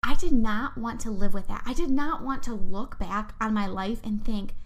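A woman's voice: fairly high pitch, fairly quick, hardly any pauses. A young woman hosting a motivational podcast, talking straight to her listeners in an upbeat, heartfelt way. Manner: enthusiastic, heartfelt, speaks directly to listeners. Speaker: podcast host.

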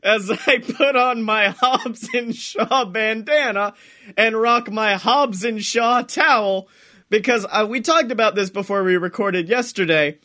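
A man's voice: high voice, measured pace, bright, forceful tone. A man co-hosting a comedy podcast in casual chat, joking, swearing and laughing often. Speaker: podcast co-host.

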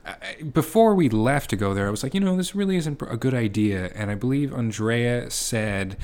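A young man co-hosting a podcast in casual chat with his wife, talking in an even, low-key way. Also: normal speed, few pauses. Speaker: podcast co-host.

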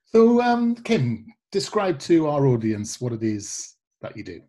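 A man from the United Kingdom hosts an interview and asks teasing questions. His voice is mellow and slightly husky, with lively pitch. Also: measured pace. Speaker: interview host. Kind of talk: casual interview chat.

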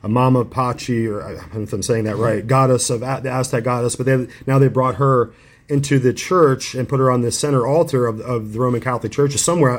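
A man with a middle-pitched voice hosts an interview conversation. He agrees readily and speaks haltingly, often restarting his sentences. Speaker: interview host.

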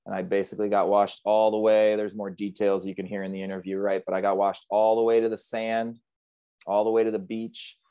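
A man with a fairly low voice tells his story as an interview guest. He talks in a vivid, earnest, reflective way. The sound is dry and close. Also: little pitch movement, a little fast, warm tone, clear, resonant tone, dry recording. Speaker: podcast guest, big wave surfer.

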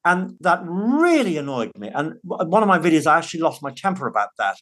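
Earnest man, slightly high voice. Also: very animated, brisk, a bit bright. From United Kingdom. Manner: earnest and emphatic, restarts words. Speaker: podcast guest, father. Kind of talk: conversational interview.

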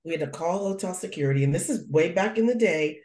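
Animated storyteller woman in a roomy space. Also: lowish voice, fast. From United States. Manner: animated storyteller, acts out her own thoughts. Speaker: guest. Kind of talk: telling a family story. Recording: roomy echo.

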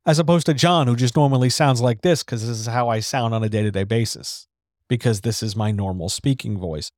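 A man's voice: mid-range voice, fairly quick, darkish tone, dry recording, clean studio sound. A man hosting a casual writing podcast, candid and swearing freely, dragging his S's and hitting his D's and T's hard. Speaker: podcast host. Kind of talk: casual instructional chat about writing. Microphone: studio microphone.

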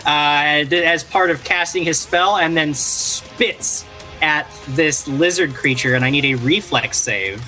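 A man's voice: fairly high pitch, slow, pushed and bright, soft background music. A man playing a tabletop game, explaining rules and narrating his character's actions casually. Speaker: player.

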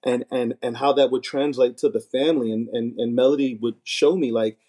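A man's voice: medium pitch, steady tone, a little fast, dark tone. A man in casual conversation, talking earnestly and often repeating words as he starts a thought. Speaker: podcast guest, married minister. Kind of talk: casual chat.

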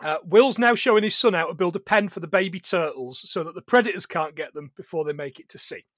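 A British man co-hosting a casual film podcast, sweary and animated, often slipping into silly quoted voices. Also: high-pitched, quick pace, no echo, clean studio sound. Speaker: podcast co-host. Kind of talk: casual film commentary chat.

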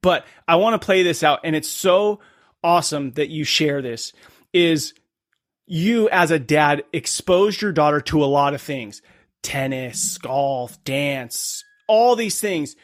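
A man's voice: fairly high pitch, lively intonation, takes it slowly, no echo, clean studio sound. A man hosting a podcast interview in a casual, blunt and affirming way. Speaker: podcast host.

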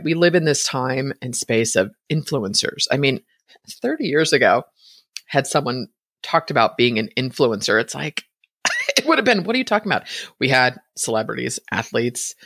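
A woman's voice: very deep voice, fairly bright tone, no echo, clean studio sound. A middle-aged woman hosting a podcast, talking casually and chattily, laughing often and checking in with "right?". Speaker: podcast host. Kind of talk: casual solo talk.

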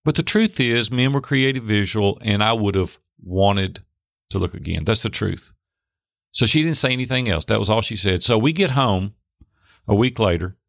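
A middle-aged man telling a candid, animated personal story as a guest in a faith-based talk. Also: lowish voice, normal speed, vocal fry, no echo, clean studio sound. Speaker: podcast guest.

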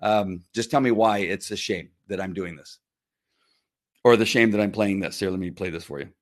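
A man's voice: deep voice, moderate pace. A man ranting straight to the camera, sarcastic, speaking to a critic by name with many restarts. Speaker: social media commenter. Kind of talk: direct-to-camera rant.

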